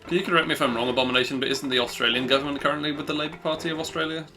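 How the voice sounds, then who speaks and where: A man's voice: a little high, fairly even intonation, very fast, bright, forceful tone, soft background music. A young man live-streaming a speedrun, chatting casually and teasing himself about his mistakes. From Britain. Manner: rambling, self-deprecating, chatty.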